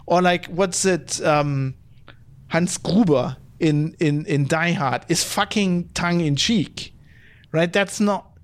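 Speaking slowly in a fairly high voice, a man running a podcast works through viewer chat comments and rants casually about his opinions. His delivery wanders, gets profane, and is littered with fillers and false starts.

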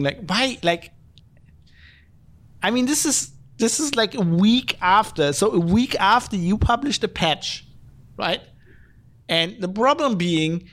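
Male podcast host, slightly high voice, casual profane rant. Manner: ranting, profane, many fillers. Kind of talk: casual chat.

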